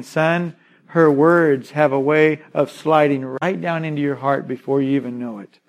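A male pastor delivering a sermon with a slightly high-pitched voice. He works through scripture verse by verse, slowing down on key phrases and speaking to his listeners as "son". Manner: expository preaching, quotes scripture and addresses "son" with emphatic pauses.

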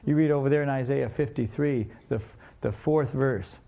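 A man's voice: mid-range voice, moderate pace, gravelly, mellow. A man preaching a sermon, telling a story and asking the congregation questions in a conversational way.

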